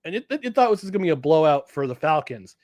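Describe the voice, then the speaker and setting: A man co-hosting a sports podcast in casual chat, animated and jokey, often restarting his sentences. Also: on the high side, fast, no echo. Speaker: podcast co-host.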